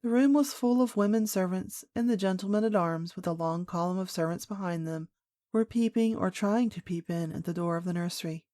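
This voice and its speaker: A woman narrating a classic children's audiobook in a clear, measured storytelling voice. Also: fairly low pitch, warm tone, no echo, studio quality.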